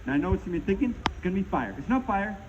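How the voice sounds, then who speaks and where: Rapid-fire and sing-song, with a voice that sits high, this middle-aged Maine juggler jokes and banters with his audience during an outdoor comedy show at a pond. Loud background noise and muffling mark the recording.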